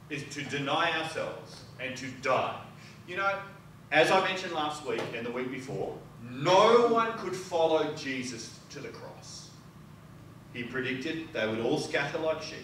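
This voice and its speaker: A man preaching a sermon as pastor, animated and playful, acting out the people he quotes. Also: medium pitch. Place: church sanctuary. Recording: echoey church hall from far off, audible noise.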